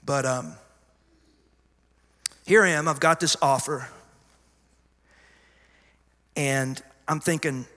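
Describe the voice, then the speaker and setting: Man, pastor, very bright tense tone, emphatic storytelling, long church reverb. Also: medium pitch, fairly even intonation, takes it slowly, pauses often. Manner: emphatic storyteller, swinging from hushed asides to loud cries. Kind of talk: sermon testimony. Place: large church sanctuary.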